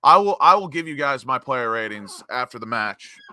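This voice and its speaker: A young man hosting a live football watchalong, giving excitable, emotional fan commentary into a close mic. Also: mid-range voice, moderate pace. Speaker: watchalong host.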